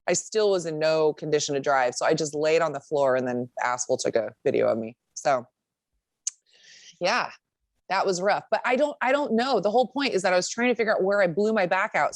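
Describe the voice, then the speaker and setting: A woman's voice: on the low side, no room sound. A young adult woman co-hosting a podcast, telling a story in casual chat, swearing freely and acting out what people said. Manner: lively storyteller who swears and acts out quotes. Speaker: podcast co-host.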